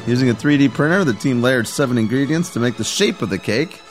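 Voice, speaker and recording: A male co-host on a comedy radio show, with a mid-pitched voice and a lively, animated delivery. He reads odd stories, pushes back with skeptical disbelief and groans at bad jokes, with faint music in the background. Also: fast talker. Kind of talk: casual comedy radio banter.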